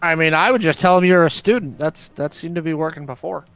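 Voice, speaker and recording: A man playing a tabletop game, excitable and bossy with his teammates. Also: a little high, fast talker.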